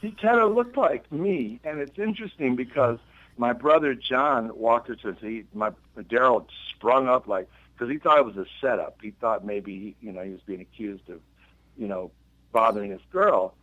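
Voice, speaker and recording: A man, a musician and guest, telling a long personal story in a casual interview, jumping in pitch as he acts out others' lines and often restarting his sentences. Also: normal speed, dry recording. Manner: animated storyteller acting out quotes with sudden pitch jumps and many restarts. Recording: dull lo-fi dry radio recording.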